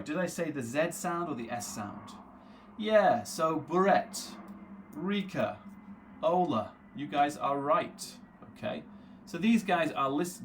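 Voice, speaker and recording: A man teaching a live interactive English lesson. He repeats words slowly to drill their pronunciation and answers viewers' chat comments by name. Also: on the high side, slight background noise. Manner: reads viewer names aloud from the chat and answers them.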